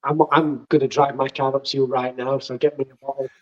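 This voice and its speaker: A man with a Northern English accent on a casual fan podcast, lively as he tells anecdotes. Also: medium pitch, fairly quick. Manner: lively anecdote teller, laughs through stories. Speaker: podcast co-host. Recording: slightly dull lo-fi audio.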